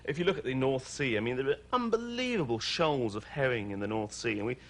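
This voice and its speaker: Male talk show guest, English accent, Welsh-born, eager and giggly, very animated delivery. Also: medium pitch. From Wales. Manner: excitable, playful, quick to laugh. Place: TV studio.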